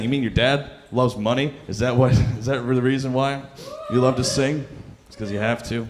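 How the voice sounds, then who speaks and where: A man's voice: mid-range voice, steady tone, moderate pace, a little hiss or hum. A young man performing a stand-up comedy set, rambling and self-deprecating, with lots of fillers, on a club stage mic. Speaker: stand-up comic.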